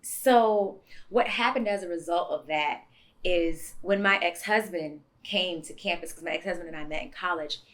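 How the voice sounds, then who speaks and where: A woman's voice: lowish voice, moderate pace. A woman in her thirties, a podcast co-host, telling a frank, confessional story in candid chat. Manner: frank, confessional, animated retelling.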